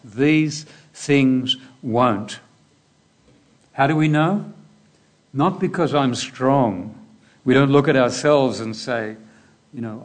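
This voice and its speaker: A man preaching a sermon in a deliberate way, asking repeated rhetorical questions. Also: medium pitch.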